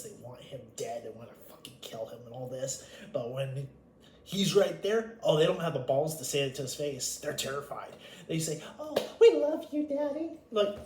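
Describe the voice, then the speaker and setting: A man telling a rambling storytime monologue about his family, blunt and full of swearing. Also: on the high side. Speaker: vlogger. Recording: echoey room with faint ambient noise.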